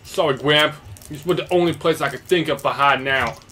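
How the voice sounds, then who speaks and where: A man's voice: fairly high pitch, a little fast, pushed and bright, slight background noise. A man playing a video game, reading the hero's lines brashly and joking in asides. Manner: reads hero lines brashly, jokes in asides. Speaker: game player. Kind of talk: let's play with dubbed dialogue.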